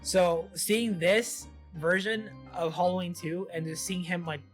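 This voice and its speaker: A man with a fairly high voice co-hosts a casual movie talk, with soft music faintly underneath. He chats loosely and swears often. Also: fairly even intonation, measured pace. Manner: loose, laughing, profane. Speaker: podcast co-host. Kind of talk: casual film discussion.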